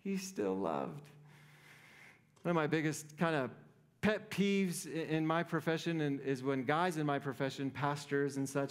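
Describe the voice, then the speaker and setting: Smooth high-voiced male pastor preaching. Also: expressive, moderate pace. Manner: conversational, playful, keeps asking "right?". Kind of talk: sermon.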